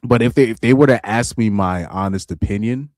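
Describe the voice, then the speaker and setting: A reaction streamer doing casual livestream commentary, he has a low, deep, darkish voice that he jokingly calls super villain-like. Laid-back and brisk, he laughs often, trails off and restarts thoughts, recorded close and dry with no room sound.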